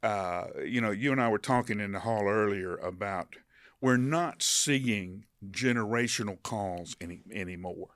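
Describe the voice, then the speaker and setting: An older man hosts a podcast in a low voice, halting and restarting often. He livens up when he tells a story. The sound is dry and close. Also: no room sound. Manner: halting, many restarts and fillers, animated when retelling stories. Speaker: podcast host. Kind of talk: conversational interview.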